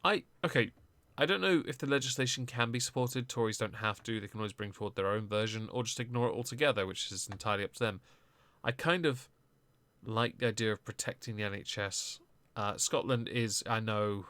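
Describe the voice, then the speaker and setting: A man riffs through a casual live stream, his remarks sarcastic and rambling. His voice sits on the low side and comes through a close microphone, with dry sound and no room echo. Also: brisk, sharp tone. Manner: sarcastic, rambling asides with many fillers.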